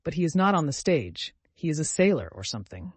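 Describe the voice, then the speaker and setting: A man's voice: on the high side, sing-song, a little fast, slightly rough, dry recording. A man reading the part of a young man who is cold, bored and self-absorbed, speaking in a languid, dismissive way.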